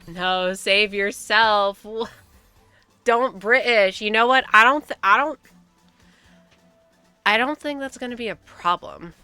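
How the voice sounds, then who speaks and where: Soft background music accompanies a young woman from the United States doing casual gaming commentary. She talks slowly with long pauses in a smooth, sharp-toned mid-range voice, with no echo, and she's chatty, swears frequently, and laughs between comments.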